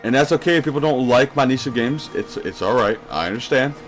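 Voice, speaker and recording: A man's voice: medium pitch, expressive, a little fast, faint music behind. A young man streaming a game live, rambling casually and answering questions from his chat as he plays.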